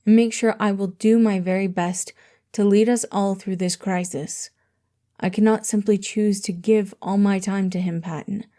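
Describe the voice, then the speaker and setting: Woman reading a calm, formal young king. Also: mid-range voice, close to an everyday voice. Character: gentle, earnest young male king, measured and formal.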